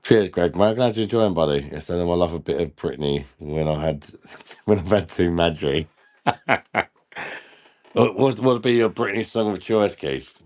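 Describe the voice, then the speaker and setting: A man's voice: low voice, normal speed, a little mellow. A man hosting a casual live stream, laughing often and bantering with viewers in the chat while he drinks.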